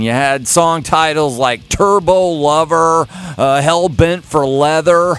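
A man hosting a rock music podcast, talking in a relaxed, wry way. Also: on the high side, slow, hardly any pauses, smooth. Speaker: podcast host. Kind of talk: casual podcast talk.

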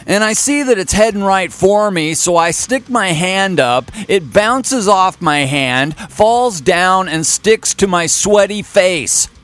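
A man's voice: high voice, animated, slow, hardly any pauses, fairly bright tone. A man in his fifties from Kansas City telling a casual, wry and folksy story as a podcast host. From Kansas City area, USA. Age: 50s. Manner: folksy, wry and self-mocking.

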